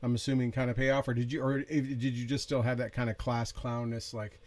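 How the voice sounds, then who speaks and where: Podcast host guy, mid pitch, asks rambly questions, trips over words. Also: flat delivery, fairly quick, a little mellow. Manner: loose, stumbling questions. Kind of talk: casual interview.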